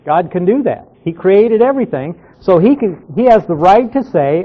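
A pastor teaching a Bible class, explaining verses slowly and repeating key words for emphasis. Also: male voice, sits high, big pitch swings. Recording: dull lo-fi sound.

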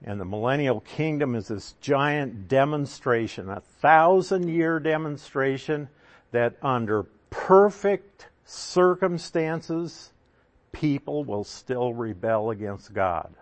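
A man teaching from scripture at a slow, deliberate pace, his pitch sitting in an ordinary middle range. He preaches conversationally, leaning on emphatic points and rhetorical questions. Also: expressive. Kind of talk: sermon.

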